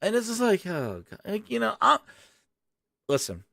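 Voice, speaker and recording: A man hosting a casual live stream, hyped and shouting out viewers, his voice hoarse after a long day. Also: high voice, wildly swooping pitch, moderate pace, no echo, clean studio sound. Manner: hyped, shouts out chat names.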